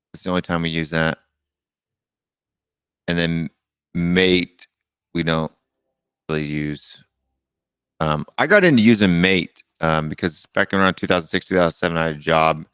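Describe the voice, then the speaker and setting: A man's voice: deep voice, fairly bright tone, clean tone, dry recording, studio quality. A middle-aged man hosting a live call-in show, chatting casually and rambling with many fillers and restarts. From United States. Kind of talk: casual live-stream chat.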